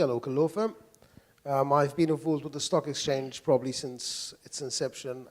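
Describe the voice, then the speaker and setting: A man, a lawyer on a conference panel, speaking in a measured, formal way with frequent fillers and restarts. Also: mid-range voice, darkish tone. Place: conference workshop.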